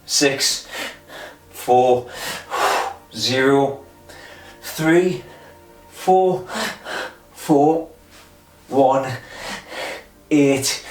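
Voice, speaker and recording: With a medium-pitched, reverberant voice, a man tackling a memory and pull-up challenge for his vlog counts reps breathlessly. He chuckles and mocks himself as he talks casually to no one but himself.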